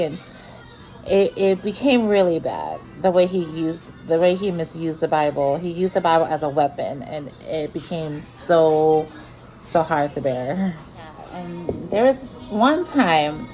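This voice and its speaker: A woman's voice: on the low side, a little mellow, poor audio. A woman telling a personal story in a vlog, earnest and repetitive, with many restarts. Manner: earnest, repeats herself, many restarts and fillers.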